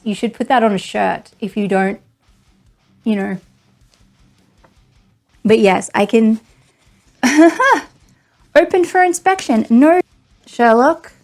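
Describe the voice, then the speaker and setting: A woman's voice: fairly high pitch, gravelly, darkish tone. A woman doing a casual unboxing vlog, sarcastic and exasperated, often laughing. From Australia. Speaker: vlogger.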